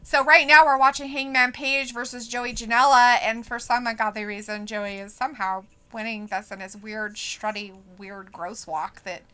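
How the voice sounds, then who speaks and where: A woman's voice: a little high, moderate pace, hardly any pauses, clear, resonant tone. A woman co-hosting a live stream, chatting casually and laughing as she watches wrestling and reads out viewer comments. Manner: giggly, animated, quotes chat viewers.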